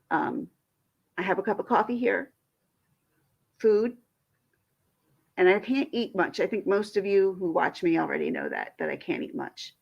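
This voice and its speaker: A woman's voice: medium pitch, gravelly. Frustrated woman venting on a livestream. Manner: venting, frustrated, rambling with restarts. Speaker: livestream host. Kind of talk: casual livestream chat. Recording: dull lo-fi stream audio.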